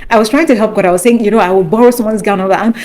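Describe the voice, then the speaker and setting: A middle-aged woman telling a personal faith story with excitement, acting out what people said and breaking into praise. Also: mid-range voice, racing. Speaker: guest sharing a testimony. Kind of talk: animated personal testimony.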